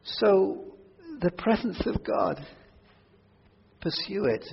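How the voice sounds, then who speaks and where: A man preaching a sermon to a church congregation, earnest, moving between quiet prayerful asides and loud emphatic declarations. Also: high voice, expressive, slow, gravelly, slight background noise. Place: church hall. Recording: dull audio with long hall reverb.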